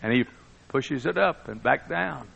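A male preacher delivering a sermon in a dramatic style that booms and then drops to a hush. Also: animated, measured pace, vocal fry, slightly rough. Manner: dramatic preaching, booming one moment and hushed the next. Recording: dull lo-fi sermon recording.

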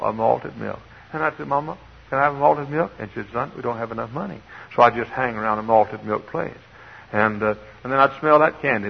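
An older man from Texas, preaching a folksy sermon with dramatic swings from hushed to shouting. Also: on the low side, vocal fry, husky. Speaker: pastor. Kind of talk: sermon with storytelling. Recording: dull lo-fi sound.

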